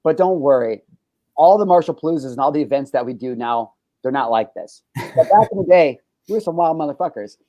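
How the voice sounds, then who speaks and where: Brief: male talk-show host, animated and profane storyteller, dry close sound. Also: a little high, fairly quick, dry recording, highs cut off. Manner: animated storytelling, heavy swearing. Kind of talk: casual chat.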